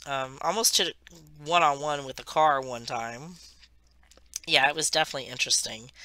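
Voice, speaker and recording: A woman's voice: low-pitched, bright, forceful tone, dry recording. A woman from the United States, hosting a craft channel and rambling chattily through a travel story while she works. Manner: rambling, chatty, self-correcting.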